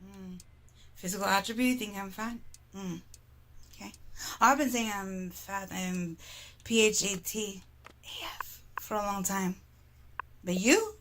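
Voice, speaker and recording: A woman's voice: mid-range voice, a little slow, pauses often, a bit bright, a little hiss or hum. A woman streamer in an exasperated, heavily profane livestream rant.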